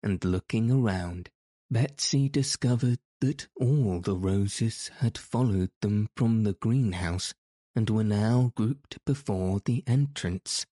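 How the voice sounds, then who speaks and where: A man narrates a storybook at an unhurried, deliberate pace. His voice is low and mellow, and his reading is steady and measured. The recording is dry and close, with no room sound. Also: dry recording. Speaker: audiobook narrator.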